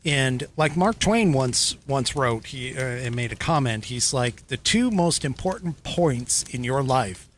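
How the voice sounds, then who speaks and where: An American man hosting a podcast, talking in a casual, halting way with many restarts. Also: mid-range voice, expressive, a little hiss or hum. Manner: halting, restarts, self-deprecating. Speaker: podcast host. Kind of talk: casual commentary.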